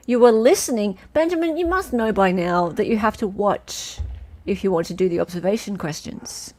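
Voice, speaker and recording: A woman's voice: mid-range voice, unhurried, long pauses, a little mellow. An Australian woman hosting a casual livestream, chatting, laughing and reading out quiz questions and viewers' names. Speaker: livestream host.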